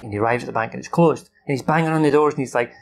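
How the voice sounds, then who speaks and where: A man's voice: mid-range voice, rapid-fire, creaky. A young man rambling through a film recap from memory, swearing freely and acting out the characters' lines.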